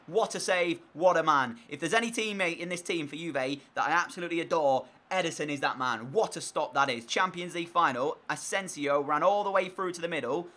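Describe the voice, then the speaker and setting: Young man, gaming commentary, crisp bright tone, excitable with sudden outbursts. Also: on the high side, brisk, hardly any pauses. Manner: excitable, swings between flat play-by-play and loud frustrated outbursts. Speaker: gaming YouTuber. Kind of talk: live gameplay commentary.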